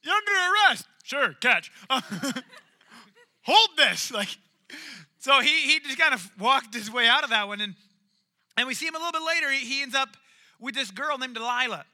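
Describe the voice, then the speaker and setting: A man preaching a sermon, retelling a story in an animated, jokey way. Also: very high voice, a little fast.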